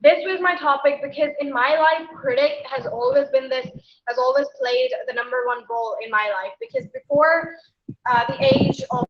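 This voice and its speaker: A woman's voice: sits high, big pitch swings, normal speed, echoey room, muffled recording, noisy background. A young woman in her late teens from Haryana with an Indian English accent, chatting through a motivational talk to students, full of "like" and "you know". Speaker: guest speaker at a school.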